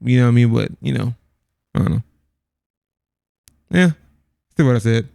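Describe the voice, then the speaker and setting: A man's voice: medium pitch, animated, moderate pace, creaky, dark tone, no room sound, clean studio sound. A man co-hosting a casual movie review podcast, rambling with lots of restarts and laughs. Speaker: podcast co-host.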